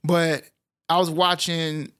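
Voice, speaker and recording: A man's voice: fairly high pitch, little pitch movement, slow, a bit bright, smooth. A man co-hosting a podcast in casual chat, playful and jokey, with a slight lisp on his R sounds. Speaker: podcast co-host.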